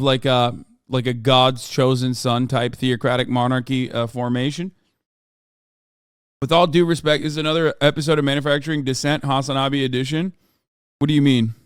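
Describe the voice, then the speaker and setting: A man in his thirties rants at his live chat, cursing freely and breaking into loud yelling. His voice sits high and comes through smooth and resonant. It is recorded close and dry. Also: no room sound. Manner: profane, ranting at chat, swings to yelling. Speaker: streamer. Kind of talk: live stream reaction and chat rant.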